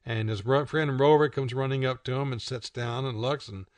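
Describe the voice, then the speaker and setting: A man's voice: medium pitch, moderate pace, no echo. Chatty man reading the comics aloud. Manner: relaxed, chatty, laughs at the jokes. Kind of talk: describing comic strips aloud for listeners.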